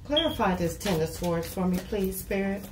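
A tarot reader with a mid-range voice and normal pace talks to camera in a casual, blunt way, with plenty of swearing and a habit of saying "you know." The room is echoey and there's constant background noise.

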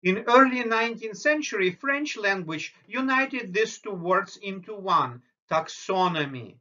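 High, bright-voiced male biology lecturer. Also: animated, muffled recording. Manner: explanatory, slow and deliberate on terms. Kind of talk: recorded lecture over slides.

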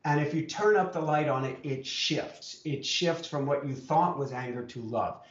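A man in casual conversation, earnestly explaining ideas in an encouraging, explanatory way. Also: a little high. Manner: earnest, explanatory, spiritual pep talk. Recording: muffled, roomy sound from off-mic.

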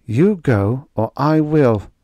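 A man's voice: medium pitch, animated, slow, warm tone, dry recording, muffled recording, pitched above the performer's own voice. A man voicing an anxious young ranch wife who pleads urgently, in an audiobook reading. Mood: pleading.

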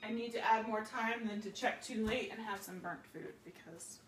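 A woman's voice: a little high, moderate pace, slight background noise. A woman in her thirties hosting a live cooking demonstration from her home kitchen. She talks in a chatty, rambling way, often correcting herself mid-sentence, and her voice sounds slightly worn.

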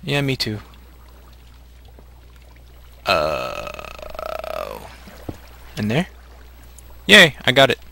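A low, gravelly man's voice with a bright edge, talking casually as he plays a co-op game. He jokes and teases his partner while he thinks aloud about each move. The delivery is loose, unscripted gameplay chat. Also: wildly swooping pitch, very slow, pauses often. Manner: teasing and joking, thinking aloud while playing. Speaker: host playing a co-op survival game.

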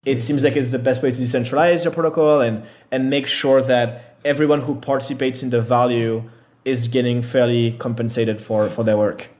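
A man's voice: mid-range voice, fairly even intonation, moderate pace, a little mellow. Hesitant man answering interview questions. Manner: hesitant, filler-heavy, self-deprecating. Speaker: startup founder guest.

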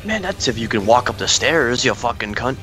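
A man's voice: mid-range voice, sing-song, fairly quick, over music, rough recording. A man in casual gaming chat, teasing and trash-talking his friend. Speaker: gamer.

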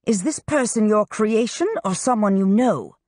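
A woman voicing a stern, impatient older woman in charge, speaking sharply and high. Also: normal speed, darkish tone, no room sound, studio quality, lightly acted.

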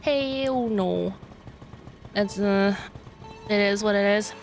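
A young woman streaming live, chatting excitedly and laughing as she plays a kart racing game. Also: mid-range voice, slow. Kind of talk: live gameplay commentary. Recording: game music loud behind voice.

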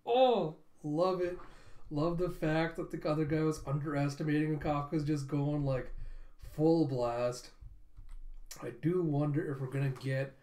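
A man excitedly recapping and reacting to a comic chapter in a rambling, casual way. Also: fairly high pitch, measured pace. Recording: roomy echo.

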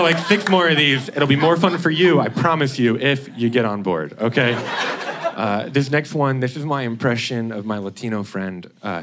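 Guy doing standup on a club stage, mid-pitch voice, handheld mic, noisy live room, animated and jokey. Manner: animated, laughing between bits, goofy deadpan impressions. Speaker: stand-up comedian. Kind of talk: stand-up comedy set. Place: cabaret club stage before a live audience. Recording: live club recording with audible noise.

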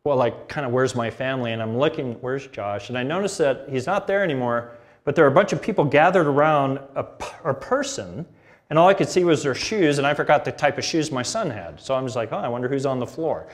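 A man's voice: medium pitch, lively intonation, fairly quick. A middle-aged man preaching a sermon, telling a family story with laughter and acted-out dialogue. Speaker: pastor.

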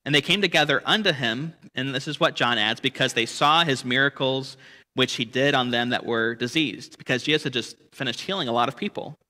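A man's voice: mid-range voice, brisk, sharp tone, in a large hall. A man leading a church Bible study lesson, explaining the text and asking rhetorical questions with frequent "right?". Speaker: Bible teacher.

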